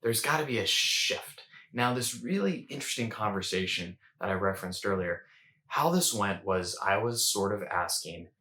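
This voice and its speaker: Man, lower voice, bright tone, casual coaching talk, keeps asking "right?". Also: lively intonation, normal speed. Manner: conversational, repeats words and rhetorical "right?". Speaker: host.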